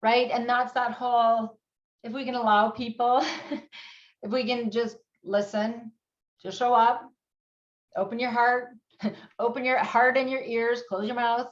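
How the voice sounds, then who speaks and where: A woman's voice: on the high side, level tone, unhurried, pauses often, muffled recording. A middle-aged woman, a guest speaking animatedly about grief in an interview, often laughing. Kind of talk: conversational interview.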